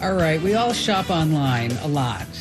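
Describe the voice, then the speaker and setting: A woman's voice: low voice, sing-song, measured pace, over music. A woman radio host reading an ad in a chatty, playful way and interviewing a guest. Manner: chatty, playful, acts out little voices. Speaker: radio talk show host.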